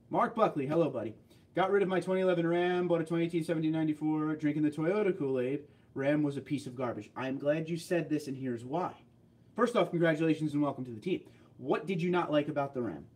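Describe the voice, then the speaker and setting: A man's voice: fairly high pitch, fast talker, a little mellow. A man from New Jersey hosting a casual livestream, chatting and joking as he reads and answers viewer comments. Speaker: livestream host.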